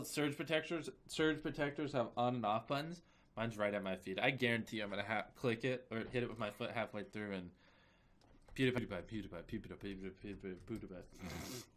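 A young man with a cold chatting casually as a video creator, repeating a chant and breaking off into sudden shouts and mumbled asides. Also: mid-range voice, brisk. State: has a cold. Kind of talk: casual chat.

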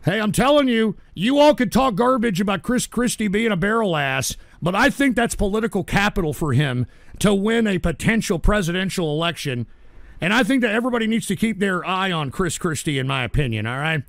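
A man hosting a live show, ranting angrily and profanely at his chat and breaking into shouts. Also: high-pitched, lively intonation, a little fast, creaky, no echo. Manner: angry, profane, bursts into shouting. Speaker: livestream show host.

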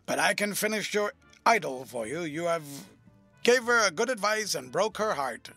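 A witty, cynical aristocrat of a storybook drawls his epigrams with amused ease, as a male narrator reads him. The voice sits fairly high for a man, with faint music drifting underneath. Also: lively intonation, normal speed, pushed and bright, heavily acted.

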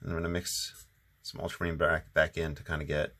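A man hosting his own watercolor channel, talking through a painting in a relaxed, rambling way with lots of ums, still a bit sleepy. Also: very deep voice, a little fast. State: sleepy, just waking up. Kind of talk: casual painting tutorial narration.

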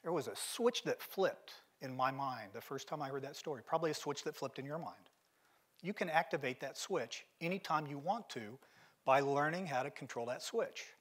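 At a seminar venue, a middle-aged man delivers a motivational keynote, telling stories directly and emphatically. His voice sits in the mid-range with a fairly bright tone.

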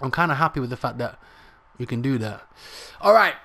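A young man commentating live on his own football video game match, excitable and jokey, swearing mildly and shouting at near misses. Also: medium pitch, brisk. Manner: excitable, shouts at big moments; calls players "brothers", mild swearing. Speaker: gaming YouTuber.

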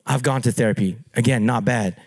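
A man preaching as a pastor, telling stories in an animated, playful way and laughing at himself. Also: mid-range voice, brisk. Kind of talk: storytelling sermon.

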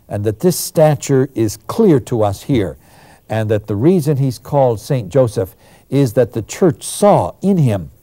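A man giving a lecture on the New Testament, telling the story with animated emphasis. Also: mid-range voice, no echo.

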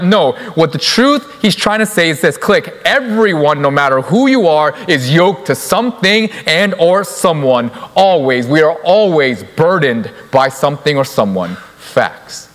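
A man's voice: fairly high pitch, big pitch swings, a little slow, hardly any pauses, fairly bright tone. Emphatic male pastor in a reverberant hall. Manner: emphatic, repeats key words for stress. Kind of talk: sermon. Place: church sanctuary.

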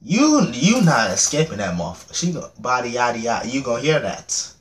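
A young man reacting to a music video, joking, swearing freely and getting loudly excited. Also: medium pitch, a little fast, background noise. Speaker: reaction channel host. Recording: echoey room with music playing. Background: music video playing loudly.

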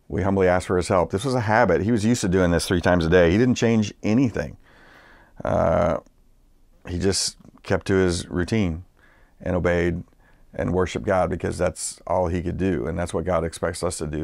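A man's voice: deep voice, a little mellow, no echo. A man preaching a sermon as a pastor, in a conversational way with frequent fillers and restarts. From Massachusetts, United States.

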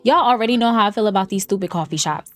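A woman's voice: mid-range voice, animated, very fast. A woman giving casual, playful let's-play commentary. She talks straight to her viewers, teases the game characters and laughs often. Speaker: gameplay streamer. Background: faint lo-fi music.

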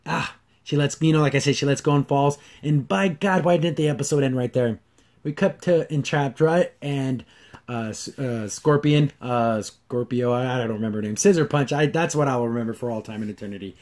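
A man with a mid-range voice hosts a casual solo review of a cartoon episode, talking briskly and rambling with frequent restarts and fillers. He acts out the characters' lines in lively voices.

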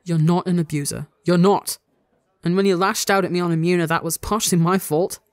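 A podcast reader voicing a gentle, loving young man who speaks softly and reassuringly to his partner. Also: medium pitch, steady tone, fairly quick, no room sound, studio quality, natural voice. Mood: tender. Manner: soft and reassuring.

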